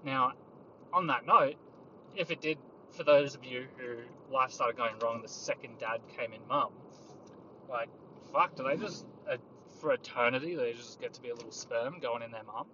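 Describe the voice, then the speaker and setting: A man's voice: mid-range voice, normal speed. A tired man hosting a rambling solo podcast from his car, musing in a crude, profane, darkly joking way. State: tired, yawning. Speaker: podcast host. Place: inside a moving car on a mountain road. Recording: muffled lo-fi car recording with road noise. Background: engine and road noise.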